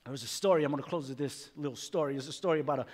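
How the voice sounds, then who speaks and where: Speaking very fast in a slightly high, darkish voice, this male pastor delivers an emphatic sermon full of repeated phrases and restarts as he pushes his points. Faint music plays in the echoing hall where it was recorded.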